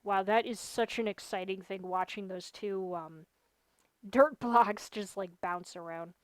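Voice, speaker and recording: Playing on stream, this young adult woman keeps up a casual chat, repeating and stressing her complaints as she vents. She speaks at an unhurried pace in a mid-range voice, with no room sound audible.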